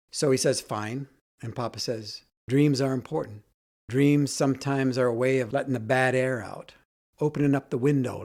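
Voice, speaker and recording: A man hosting his own podcast, telling a personal story and acting out quoted dialogue with lively shifts in voice. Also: mid-range voice. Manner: retells scenes, quoting dialogue in lively voices. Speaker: podcast host.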